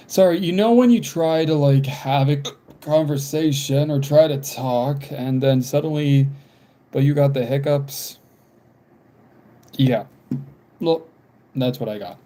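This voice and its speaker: A young man live-streaming while doodling, talking casually in halting bits, sighing and apologizing because he has the hiccups. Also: fairly high pitch, warm tone. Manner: halting, apologetic, frequent sighs and small laughs.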